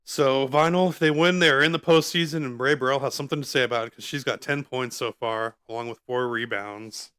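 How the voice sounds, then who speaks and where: A man hosting a live stream from home, giving casual play-by-play commentary in a relaxed, chatty way with frequent asides and fillers, speaking close to his microphone. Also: mid-range voice, brisk, few pauses, clean tone. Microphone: close microphone in front of his face.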